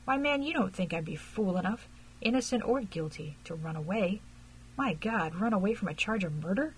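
A woman reading aloud and voicing a frank, earnest young gentleman suspected of a crime, in an audiobook. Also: mid-range voice, lively intonation, normal speed, slight background noise, natural voice, rough recording. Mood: tense. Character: young gentleman under suspicion, frank and tense.

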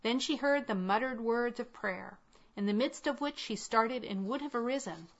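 A woman narrating a classic tale in a measured, unhurried reading. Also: fairly high pitch. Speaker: audiobook reader. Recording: dull lo-fi recording.

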